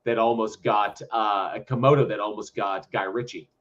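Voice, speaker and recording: A man's voice: on the low side, fairly even intonation, moderate pace, a bit bright, highs cut off. A man co-hosting a stream, adding easygoing side comments and chuckles. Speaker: co-host. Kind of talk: casual chat. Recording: crowd noise behind.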